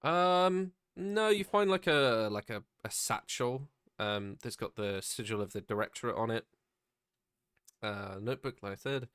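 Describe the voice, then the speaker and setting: Narrating a tabletop game as dungeon master, a man describes the action hesitantly, with many ums and frequent laughter. His mid-range voice is unhurried, fairly bright, clear, and resonant.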